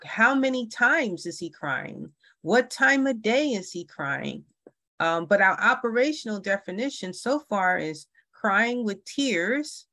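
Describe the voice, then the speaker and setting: A woman's voice: mid-range voice, lively intonation, takes it slowly, bright, forceful tone, dry recording. A woman leading an online parent workshop, talking with many fillers and restarts. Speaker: workshop facilitator.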